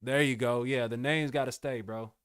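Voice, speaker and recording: Laid-back and full of slang, a young music producer streamer addresses his live-stream viewers as bro and y'all. His medium pitch stays fairly even at a moderate pace, with a fairly bright, clean tone in a dry, clean studio recording.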